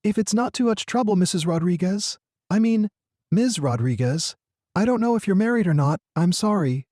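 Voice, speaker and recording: A man voicing a shy, scrawny, poor schoolboy, speaking softly and apologetically in a storybook narration. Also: high voice, expressive, normal speed, no echo, studio quality, pitched above the performer's own voice. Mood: flustered. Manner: soft, hesitant, apologetic.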